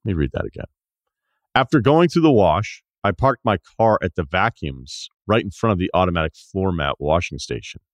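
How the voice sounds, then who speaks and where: Deep voiced guy hosting a podcast, reading listener mail with dry little jokes, very dead studio sound. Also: big pitch swings, normal speed, no echo. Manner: wry, conversational, reads listener email aloud with asides. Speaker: podcast host. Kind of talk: casual podcast talk, reading listener emails.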